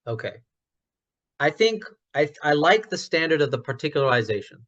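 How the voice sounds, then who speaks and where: A man talking through an idea in a casual online discussion, his voice bright and forceful and pitched a little high. He restarts often as he thinks aloud and grows loud when an idea excites him. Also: normal speed, muffled recording. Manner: gets loud when passionate about ideas. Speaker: discussion participant.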